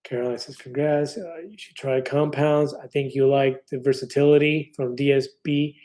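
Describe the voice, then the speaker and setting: A man's voice: medium pitch, fairly even intonation, normal speed, mellow. A man in his fifties hosting a casual live stream, reading viewer comments aloud in an upbeat, chatty way with many fillers and restarts. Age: 50s.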